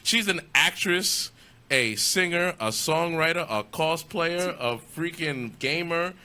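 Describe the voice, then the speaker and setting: A man's voice: on the high side, slow. A man hosting a casual talk show, laughing often and throwing in "yo" as he talks. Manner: laughing, animated, exclaims "yo" often. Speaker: host. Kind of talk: casual chat.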